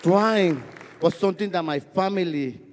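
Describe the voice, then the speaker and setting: High-voiced storyteller in a hall. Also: male voice, moderate pace, some chatter behind, a little hiss or hum. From Guatemala. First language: Spanish. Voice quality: stutter. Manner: expressive, repetitive storytelling rhythm. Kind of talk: live stage storytelling. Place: festival stage. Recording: long hall reverb from a live stage.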